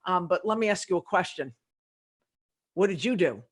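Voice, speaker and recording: A woman's voice: on the low side, normal speed, husky. A middle-aged woman, a leadership consultant, talking in a podcast interview and acting out conversations as she tells stories. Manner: animated storytelling with quoted dialogue.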